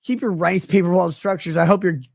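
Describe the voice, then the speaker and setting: Drunk man rambling, husky, dry close sound, wild swings in pitch and loudness. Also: steady tone, a little fast, dry recording. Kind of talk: rambling stream monologue.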